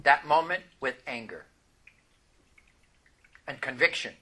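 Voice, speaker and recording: Animated preacher man, very bright voice. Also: medium pitch, slow, breathy edge. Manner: animated storytelling, emphatic declarations. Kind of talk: sermon.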